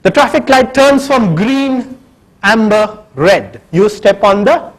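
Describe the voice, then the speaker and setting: A man's voice: high-pitched, expressive, slow, poor audio. A man giving a conference keynote, telling a humorous story and talking straight to the audience. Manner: humorous, addresses audience directly. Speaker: keynote speaker. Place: conference hall.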